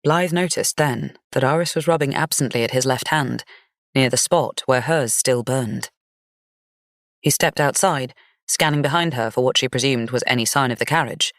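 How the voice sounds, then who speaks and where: A woman's voice: extremely low pitch, moderate pace, no room sound, clean studio sound. Woman narrating a gothic fantasy audiobook.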